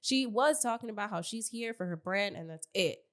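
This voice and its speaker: A woman's voice: medium pitch, expressive, normal speed. Woman, podcast co-host, blunt, swears a lot, acts out what others said. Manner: blunt, profane, acts out quotes. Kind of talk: casual reality-show recap chat.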